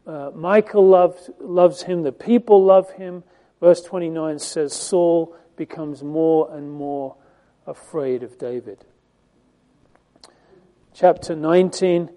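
A man's voice: on the high side, mellow. A man preaching a Bible-teaching sermon in a conversational, emphatic way, with frequent fillers and restarts.

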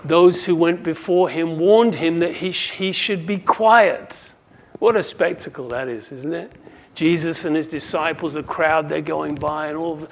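A man preaching a sermon, who acts out the quoted cries and moves from hushed asides to loud, impassioned calls. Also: fairly high pitch, moderate pace. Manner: swings from hushed to shouting when quoting cries; dramatizes quoted voices.

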